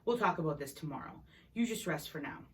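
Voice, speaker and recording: A woman voicing a worried, protective father, speaking in a firm, measured way. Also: sits low, expressive, fairly bright tone, distant mic.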